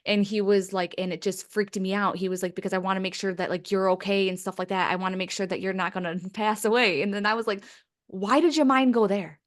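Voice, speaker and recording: A woman from Michigan, a psychic medium mentor, telling stories in an animated, laughing way in a casual podcast conversation. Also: mid-range voice, fast, hardly any pauses. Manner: animated storytelling with frequent laughs.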